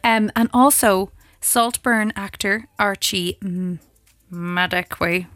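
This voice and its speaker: A woman's voice: mid-range voice, slow pace, fairly bright tone, no room sound. An Irish woman radio host chatting casually on air and reading the traffic, laughing often.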